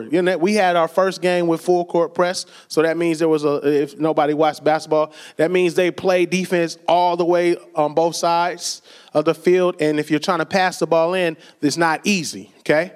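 A man's voice: on the high side, steady tone, normal speed, clear, resonant tone. A man preaching a sermon in a conversational way, telling stories and quoting people with a laugh now and then. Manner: conversational storytelling with laughs and acted quotes. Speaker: pastor.

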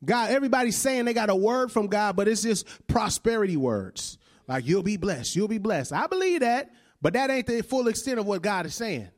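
High-voiced man preaching a casual sermon. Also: sing-song, fairly quick, few pauses. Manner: conversational preaching with frequent "right?" asides and laughter.

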